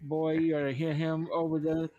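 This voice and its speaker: A man's voice: moderate pace, dull audio, faint music behind. A man hosting a game stream, telling stories in casual chat, swearing freely and mimicking other people. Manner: animated storytelling, swearing, mimics others in high voices. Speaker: streamer host.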